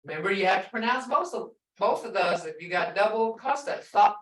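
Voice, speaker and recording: A woman language instructor leading a class through slow, repetitive syllable drills and explaining pronunciation emphatically. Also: medium pitch, animated, fairly bright tone. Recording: echoey room, voice from a distance.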